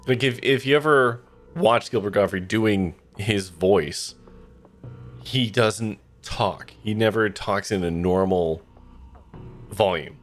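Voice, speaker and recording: A man streaming a game, chatting casually in a rambling way with lots of fillers. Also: low voice. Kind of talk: casual let's-play commentary.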